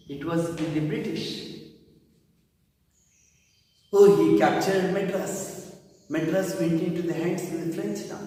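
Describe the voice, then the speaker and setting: Male history teacher, slow and deliberate, distant mic in a roomy hall. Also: on the high side. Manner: animated storytelling, stresses key names. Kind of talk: classroom history lesson. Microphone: distant microphone. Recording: echoey room, far from the mic.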